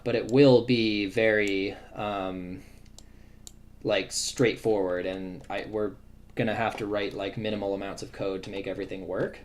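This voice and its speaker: Low-voiced man thinking aloud. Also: steady tone, moderate pace. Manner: thinks aloud, with many fillers and restarts. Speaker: game developer streaming live. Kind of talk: casual livestream commentary while working. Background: faint drum and bass music.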